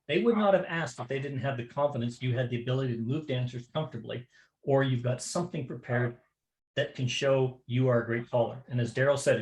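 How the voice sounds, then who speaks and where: Man, square dance calling teacher, conversational, echoey room. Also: medium pitch. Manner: conversational, repeats words while explaining. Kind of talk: online class teaching.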